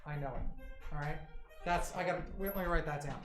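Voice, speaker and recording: Talking a little fast in a fairly high voice, an excitable livestream host rambles and chats casually with his viewers, with roomy echo and faint music in the background.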